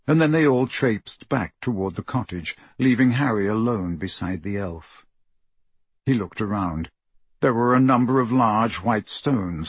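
A man narrates a story in a slow, measured way. His voice is husky and sits a bit low. The sound is dry and close to the mic. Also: dry recording. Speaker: audiobook narrator. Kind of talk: scripted narration.

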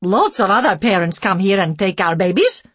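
A loud, impatient care worker barks short phrases in broken English, her voice pitched higher and pushed hard, as a woman narrator puts her on. She is large and brusque, from a storybook reading, and her husky voice comes through close and dry. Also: animated, moderate pace, no echo.

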